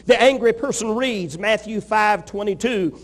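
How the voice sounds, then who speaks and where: Male pastor, high voice, emphatic repetitive preaching, long hall reverb. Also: measured pace. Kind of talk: sermon.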